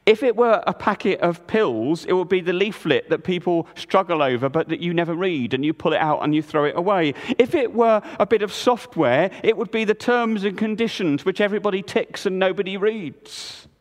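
A man preaching a sermon, retelling a story vividly in a measured voice and then turning to the congregation. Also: high-pitched, in a large hall.

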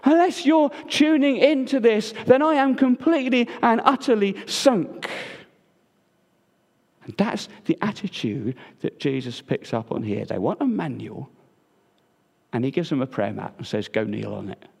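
High-voiced male preacher in a reverberant church. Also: expressive, a little slow, creaky. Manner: swings between loud emphatic and hushed low delivery. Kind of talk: sermon.

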